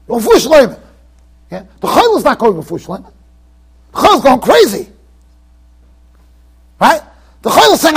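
A rabbi teaching a Torah class in a yeshiva, animated and emphatic, acting out the people he quotes with sudden loud bursts and quiet asides. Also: very high voice, moderate pace, pauses often. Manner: swings between emphatic and quiet, trailing-off asides. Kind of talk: Torah lecture to students. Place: yeshiva study hall.

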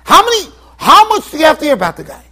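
A man giving an informal Torah lecture as a rabbi, animated and joking, repeating phrases for emphasis. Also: extremely high pitch, fast talker. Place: yeshiva lecture hall.

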